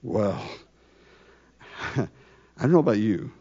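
Animated preaching man, dull recording. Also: on the low side, slow, slightly rough. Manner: animated, conversational preaching with rhetorical questions. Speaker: pastor. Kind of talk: sermon.

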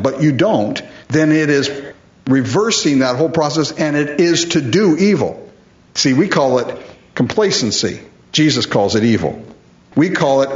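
Male preacher, animated swings in pitch, echoey dull-sounding room. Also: a little slow. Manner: emphatic, rhetorical questions, repeats for stress. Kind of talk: sermon.

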